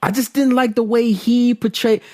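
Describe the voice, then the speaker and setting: A man's voice: extremely high pitch, level tone, moderate pace, darkish tone, no room sound, studio quality. A man in his thirties co-hosting a casual podcast chat, blunt and opinionated, often repeating himself. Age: 30s. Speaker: podcast co-host.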